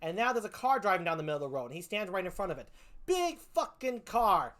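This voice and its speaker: A woman's voice: fairly low pitch, big pitch swings, fast talker, a bit bright. A woman comedian doing a stand-up routine, profane, exasperated and mocking as she picks apart a film.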